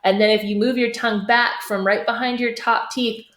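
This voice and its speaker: A woman's voice: a little high, fairly even intonation, moderate pace, a bit bright. Woman choir teacher in an echoey room. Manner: demonstrates sung phrases, checks in with "okay?". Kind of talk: singing lesson.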